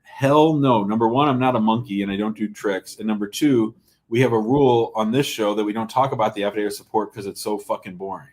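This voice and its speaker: A middle-aged male lawyer running a live call-in stream, reading viewer comments aloud. He is blunt and jokey, and his voice sits a little low. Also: steady tone, quick pace, darkish tone. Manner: blunt, joking, reads chat comments aloud. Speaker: immigration lawyer hosting a live call-in show. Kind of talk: casual live-stream chat.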